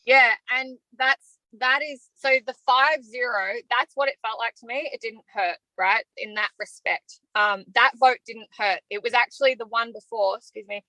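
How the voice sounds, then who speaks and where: A woman's voice: fairly high pitch, fairly even intonation, moderate pace, bright, forceful tone, dry recording, poor audio. An Australian woman answering interview questions openly and from the heart, talking freely about how she feels. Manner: open and heartfelt, talks freely about feelings. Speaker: evicted reality show contestant.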